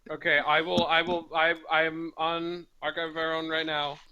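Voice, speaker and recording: A man's voice: on the high side, little pitch movement, normal speed, bright, forceful tone, a little hiss or hum, poor audio. A man chatting casually on a stream, rambling with stumbling restarts and swearing. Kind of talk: casual group chat.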